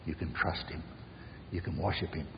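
A man preaching an earnest sermon as pastor, swinging from raised emphasis to soft near-whispers. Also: extremely low pitch, steady tone, normal speed, in a large hall, lo-fi sound, noisy background.

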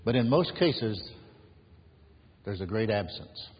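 Male pastor, sermon delivery, lowish raspy voice, long church reverb. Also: expressive, slow pace. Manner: earnest preaching, rising emphasis on key words. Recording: dull lo-fi sound in a reverberant hall.

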